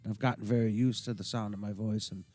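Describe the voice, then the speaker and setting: A man's voice: on the low side, fairly even intonation, fast talker, mellow, no room sound. Blunt, swearing podcast man. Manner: blunt, swears freely, rambling storyteller. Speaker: podcast co-host. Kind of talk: casual chat.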